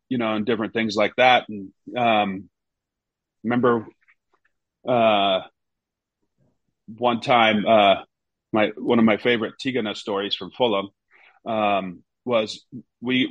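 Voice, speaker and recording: Man telling animated football stories. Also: lowish voice, no room sound, muffled recording. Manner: animated storyteller, acts out coaches in raised voice. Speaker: former goalkeeper, guest. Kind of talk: casual interview storytelling.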